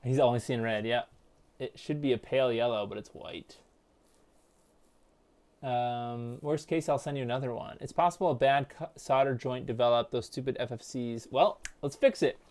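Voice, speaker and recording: A man talking his way through a soldering job on a live stream. He mutters and thinks aloud in a quiet, offhand voice, half to himself and half to the chat. Now and then he drops a dry, jokey aside. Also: mid-range voice, moderate pace. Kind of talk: casual live-stream commentary while soldering.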